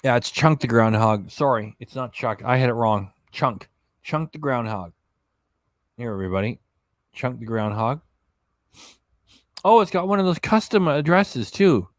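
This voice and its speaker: A man's voice: medium pitch, lively intonation, normal speed, no echo. A tired man casually chatting on a live stream, reading chat messages aloud and stumbling over names as he goes. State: tired, yawning. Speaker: reaction channel host reading live chat.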